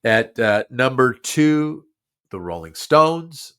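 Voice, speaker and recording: A man's voice: medium pitch, slow, clear, resonant tone. A man hosting a talk show, talking casually with lots of restarts and repeats while his nose is stuffed up. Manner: animated, repeats himself, many restarts. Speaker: podcast host. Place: studio.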